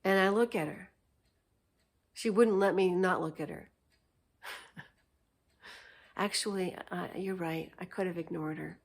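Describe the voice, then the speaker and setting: Unhurried, chatty woman vlogger. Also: fairly low pitch. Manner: chatty, laughs often, meandering with fillers. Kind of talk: unscripted casual storytelling vlog.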